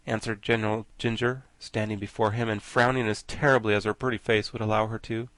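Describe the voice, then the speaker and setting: A man narrating a children's classic for an audiobook in an expressive storytelling manner. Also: on the low side, a little fast, hardly any pauses, dry recording. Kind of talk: scripted narration.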